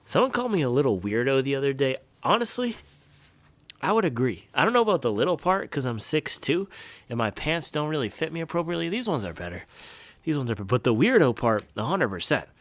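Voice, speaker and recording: A man's voice: mid-range voice, very animated, brisk, no room sound. Playful rambling man vlogging, dry sound. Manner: playful, rambling, jokey slang. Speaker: running shoe reviewer. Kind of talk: casual vlog.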